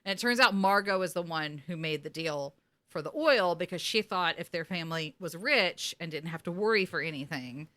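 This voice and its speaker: A woman co-hosting a casual recap podcast, retelling scenes and acting out the characters in quick voices. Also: lowish voice. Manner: animated, acts out characters in quotes. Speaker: podcast co-host.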